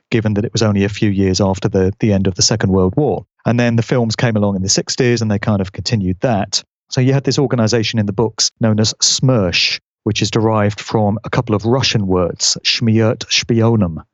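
A man explaining at length in a measured, conversational way. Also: lowish voice, no room sound. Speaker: guest commentator. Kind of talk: conversational commentary. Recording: dull lo-fi audio.

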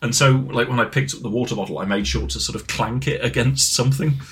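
A man's voice: mid-range voice, fast, fairly bright tone. A man with a British accent, co-hosting a podcast in casual chat, telling anxious, self-deprecating stories and swearing freely. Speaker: podcast co-host.

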